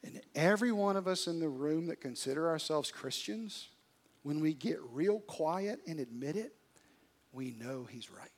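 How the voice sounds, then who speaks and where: High-voiced male pastor preaching dramatically. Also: animated, normal speed. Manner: dramatic, swings from hushed to loud. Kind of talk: sermon. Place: church service.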